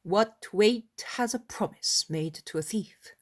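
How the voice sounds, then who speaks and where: A woman narrating an audiobook of a religious novel in a slow, deliberate reading. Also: medium pitch.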